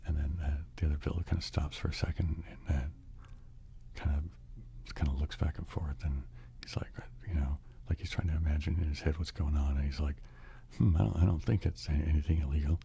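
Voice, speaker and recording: A man's voice: extremely low pitch, flat delivery, fairly quick, gravelly, mellow. A man telling a whispered ASMR bedtime story, rambling along with many fillers and restarts.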